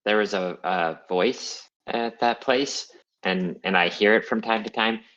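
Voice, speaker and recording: Low-voiced man playing his character. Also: unhurried, a bit bright, dull audio. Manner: hesitant, earnest, fillers. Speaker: player. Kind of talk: in-character tabletop role-play.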